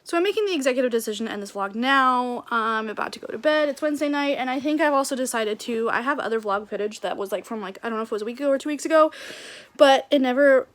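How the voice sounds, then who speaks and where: A young woman talks loosely to her camera in a casual vlog, her slightly high voice full of fillers and restarts. She rambles and vents in a chatty, unpolished way. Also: fast talker. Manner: rambling, many fillers, venting. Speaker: book vlogger.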